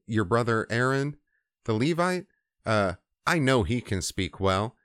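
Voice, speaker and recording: A man's voice: fairly low pitch, animated, measured pace, dry recording, clean studio sound. A man voicing God as a blunt, impatient figure who talks in casual modern slang and swears.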